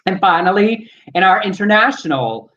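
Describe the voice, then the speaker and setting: A man co-hosting a live show, briskly reading news items aloud. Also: high-pitched, expressive, fairly bright tone, highs cut off, a little hiss or hum. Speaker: co-host.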